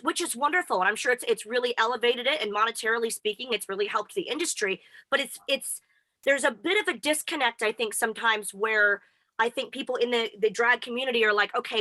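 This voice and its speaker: A woman's voice: a little high, pushed and bright, no echo. A woman co-hosting a casual chat, effusive and emotional as a devoted fan. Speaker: co-host.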